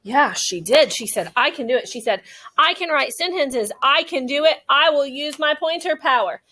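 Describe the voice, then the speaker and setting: A young woman teaching a classroom phonics lesson, slowly modeling sentences and praising the children. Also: high voice, lively intonation, pushed and bright, slight background noise. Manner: slow, drawn-out modeling of sentences, encouraging.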